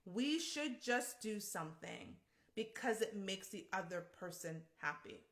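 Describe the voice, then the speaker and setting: A woman's voice: mid-range voice, animated, measured pace, a bit bright. A woman co-hosting a relationship talk show, speaking earnestly and directly to her listeners. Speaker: podcast co-host. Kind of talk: casual chat.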